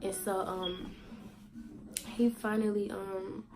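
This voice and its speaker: A woman vlogger telling a personal story in a candid, slangy way, halting with fillers and repeats. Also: mid-range voice, little pitch movement, music in the background, rough recording. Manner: candid, slangy, sometimes swearing for emphasis; halting, with many fillers and repetitions.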